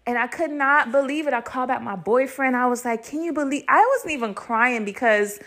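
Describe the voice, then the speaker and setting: A young woman hosting a podcast, telling a story in a casual, animated way, cursing freely and laughing between lines. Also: a little high, fairly quick. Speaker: podcast host.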